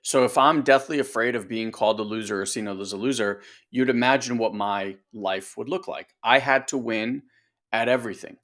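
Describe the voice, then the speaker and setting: A man talking casually as a coach on a podcast, animated and conversational. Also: mid-range voice, normal speed. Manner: animated, acts out voices, conversational. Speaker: coach and co-host.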